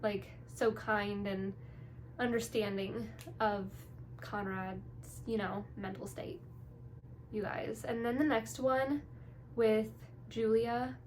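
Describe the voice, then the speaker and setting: Young woman, higher-pitched voice, casual chat to camera, gushing, bubbly, light background hiss. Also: fairly even intonation, slow pace, pauses often, a little mellow. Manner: gushing, bubbly, full of "like" and "you guys". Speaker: TV reaction vlogger.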